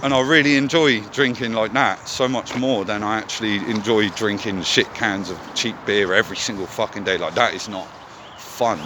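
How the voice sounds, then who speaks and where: A man's voice: lowish voice, normal speed, noisy background. A man vlogging in a candid, casual monologue, swearing often as he talks.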